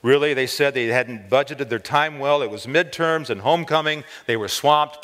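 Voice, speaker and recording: Male chapel speaker, mid-pitched, expressive storyteller, long reverb from the hall. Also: moderate pace, hardly any pauses. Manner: expressive, lifts pitch on key words. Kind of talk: storytelling sermon. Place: college chapel.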